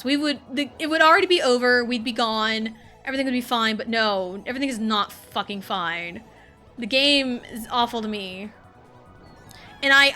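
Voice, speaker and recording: A young adult woman streaming a party game live, swearing freely and swinging from frustrated yelling to low muttering. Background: game music.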